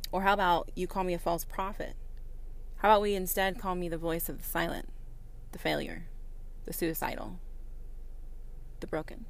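A woman's voice: lowish voice, creaky. Defiant, swearing woman podcaster. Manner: profane, defiant, preachy, shifts from quiet to loud. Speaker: podcast host. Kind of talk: podcast monologue.

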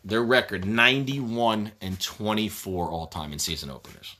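Blunt, low-pitched man chatting casually. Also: sharp tone. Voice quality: blunt, profane, talks in quick fragments. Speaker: basketball fan breaking down team news. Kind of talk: casual chat.

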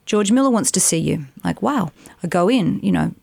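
A middle-aged woman, an actress and voiceover artist, telling animated stories in a casual interview, with rambling asides. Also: fairly low pitch, normal speed, gravelly, slightly rough, no echo. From Australia. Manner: animated, chatty, rambling anecdotes with many asides.

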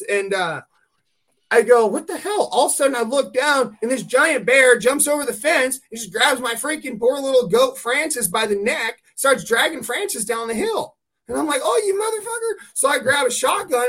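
Guy from california hosting a podcast, high voice, animated storyteller, swears a lot. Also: a little fast. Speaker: podcast host. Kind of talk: casual chat.

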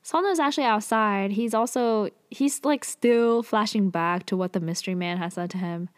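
A woman's voice: mid-range voice, normal speed, no echo. Chatty woman recapping a drama, dry sound. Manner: chatty, frequent "like" and "um" fillers, offhand asides. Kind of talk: casual plot recap.

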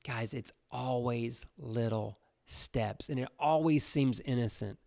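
A man's voice: medium pitch, takes it slowly, gravelly, darkish tone, no room sound, studio quality. A man preaching in a casual, conversational way to young listeners, often checking in with his audience. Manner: conversational, repeats "right?" and "you know".

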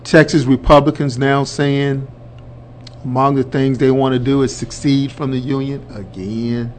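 A man hosting a radio show, delivering a colloquial, emphatic political commentary monologue that builds to loud declarations and addresses listeners as folks. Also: medium pitch, steady tone, a little slow, a little hiss or hum.

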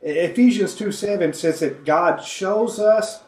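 A man leads a Bible study in an earnest, conversational way, pausing often to cough and clear his throat. His voice sits a little high, and the room adds a noticeable echo. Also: a little mellow. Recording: echoey room.

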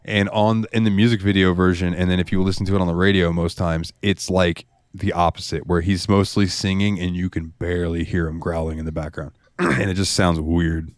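A man co-hosting a podcast in casual, profane, animated chat. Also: sits low, fairly quick, few pauses, no room sound, clean studio sound. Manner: animated, profane, laughs a lot. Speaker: podcast co-host.

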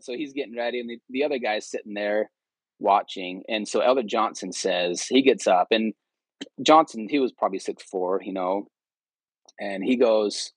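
Podcast guest, man, low-pitched, chatty and rambling, dry close sound. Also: moderate pace, no room sound, rough recording. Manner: rambling, many ums and restarts. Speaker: podcast guest, returned missionary. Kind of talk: casual storytelling interview.

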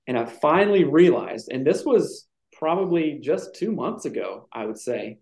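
A man's voice: fairly high pitch, expressive, normal speed, creaky, darkish tone. A man telling a personal story in casual chat, reflective and emotional at times. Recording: echoey room.

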